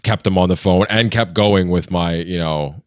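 A man with a very low, smooth and resonant voice, talking casually on a podcast. He rambles, restarts his sentences and laughs often. The sound is dry and close. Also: moderate pace, no room sound. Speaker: podcast co-host. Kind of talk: casual chat.

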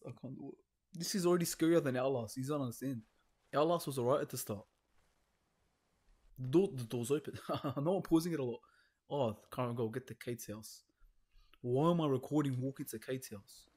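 A man's voice: mid-range voice, a little fast, a little mellow, slightly rough. A young man commenting nervously on a horror game he plays alone at home, swearing and hesitating. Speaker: gaming video host.

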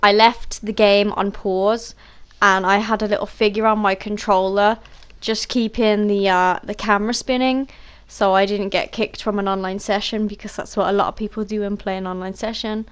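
A woman's voice: medium pitch, flat delivery, moderate pace, smooth. A woman from the Black Country, a gaming vlogger, chatting over game voice chat at home on a headset mic in a rambling, chatty way, laughing often. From Black Country, England.

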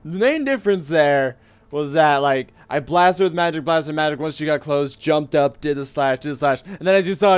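A man's voice: fairly high pitch, normal speed, lo-fi sound, a little hiss or hum. A man giving casual, jokey commentary while playing a video game, often talking to the enemies. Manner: excitable, jokey, talks to the enemies. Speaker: gaming video host. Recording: loud game music behind.

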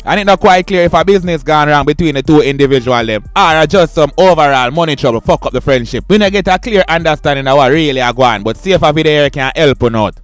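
A Jamaican man hosting entertainment news commentary in lively patois. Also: on the high side.

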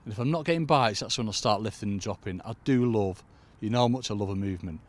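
A man's voice: fairly low pitch, fast talker. A man giving a casual fishing tutorial outdoors at a lakeside, chatting away and calling his listeners "folks". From United Kingdom. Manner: chatty, keeps addressing "folks". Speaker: angling coach. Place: lakeside outdoors in cold weather.

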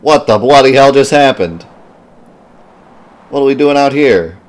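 A man reading game dialogue aloud, putting on the voice of a brash, bossy young adventurer in a loud, shouty way. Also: medium pitch, expressive, a little slow, pitched above the performer's own voice, natural voice. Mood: excited.

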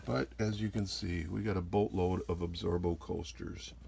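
A man's voice: low voice, fairly even intonation, normal speed, creaky, a little mellow, husky. A man collector hosting an unboxing video, calling out each find and exclaiming with delight. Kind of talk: unboxing vlog.

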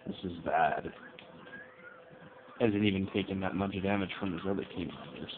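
A man commenting on his own gameplay, grumbling about opponents and shouting out attack names. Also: sits low, normal speed, long pauses. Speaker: let's play gamer. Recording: tinny lo-fi mic with faint hiss.

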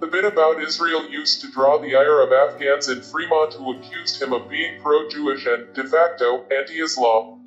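Male audiobook narrator, higher-pitched voice, steady even delivery, faint guitar music behind. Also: normal speed. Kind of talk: audiobook reading. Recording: roomy, dull lo-fi sound.

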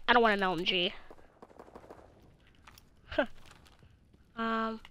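Young woman gamer commentating live, bright and excitable, headset mic, high voice. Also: slow pace, slight background noise. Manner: excitable, swears and laughs a lot. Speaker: gaming channel host. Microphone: gaming headset.

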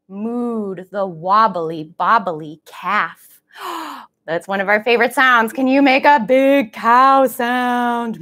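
A woman's voice: on the high side, takes it slowly, fairly bright tone. A woman leading a live-streamed baby storytime as a children's librarian, talking sing-song and playful, making animal sounds, heard through a camera across the room.

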